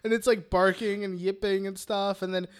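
Tired, high-pitched male podcast co-host. Rambling, profane film recap with acted-out bits. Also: flat delivery, normal speed, smooth. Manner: rambling, swears a lot, acts out characters in voices. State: tired, yawning. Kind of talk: casual film recap chat.

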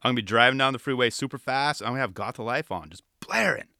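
A young man giving casual commentary on a dating show, animated and laughing, full of fillers. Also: mid-range voice, fast talker, gravelly, dry recording, studio quality. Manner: animated, laughing, frequent "you know" fillers. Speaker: show reviewer.

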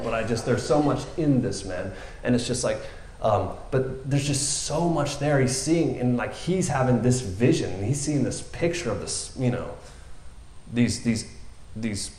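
A man's voice: medium pitch, normal speed, darkish tone, reverberant. A man preaching in a loose, conversational way with lots of fillers. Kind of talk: informal sermon.

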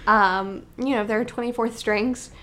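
A woman's voice: a little high, steady tone, moderate pace, a bit bright. A woman co-hosting a podcast in casual chat. She talks frankly and swears without fuss, with a faint noise under her voice. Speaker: podcast co-host.

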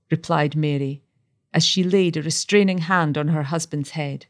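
A woman narrating a story with a measured, expressive reading. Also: sits low, dry recording, clean studio sound.

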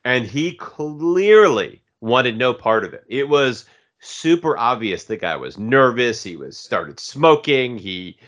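A man's voice: medium pitch, big pitch swings, takes it slowly, a bit bright. A man hosting a podcast, chatting casually, agreeing and laughing along with his guest. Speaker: podcast host. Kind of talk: casual chat.

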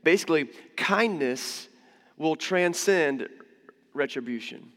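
A pastor delivers a conversational sermon, joking and going off on asides as he teaches. His voice sits a bit high for a man. A long reverb from the large hall trails after his words. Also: lively intonation, slow, a bit bright. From United States. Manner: conversational, humorous, with frequent asides and restarts.

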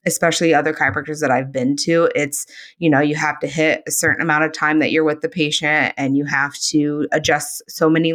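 A woman's voice: low voice, a bit bright. A woman chiropractor in an earnest podcast conversation, with many fillers like "you know".

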